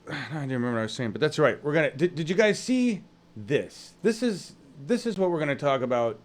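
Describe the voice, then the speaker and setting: A man with a fairly high voice runs an online news stream, chatting casually live as he greets viewers from the chat. His talk is rambling and halting, full of fillers.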